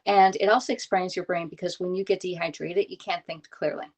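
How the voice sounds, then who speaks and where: Lady in her 50s doing a cooking livestream from her kitchen on her phone, kinda low voice, says okay? all the time. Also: steady tone, a little fast, darkish tone. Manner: chatty, greets viewers by name, keeps checking in with "okay?". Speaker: live-stream host demonstrating recipes. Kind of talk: casual live-stream cooking demo. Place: home kitchen. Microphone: phone camera on a stand.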